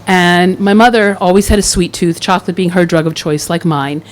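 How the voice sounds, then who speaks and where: A middle-aged woman from the Philadelphia area telling a personal story live on stage, wry and warm with laughing asides. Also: lowish voice, moderate pace, poor audio. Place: event stage in front of an audience.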